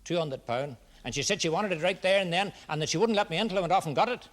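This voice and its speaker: An actor playing a folksy, rambling Irish man giving evidence in a courtroom drama, talking in halting, run-on stretches. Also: high-pitched, close to an everyday voice. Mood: chatty. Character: rambling Irish male witness, petty fraudster. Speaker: witness.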